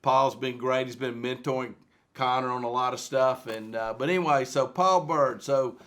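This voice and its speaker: A man's voice: mid-range voice, fairly even intonation, moderate pace, a bit bright. A man hosting a podcast, introducing his guest casually and loosely, with some fillers. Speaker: podcast host.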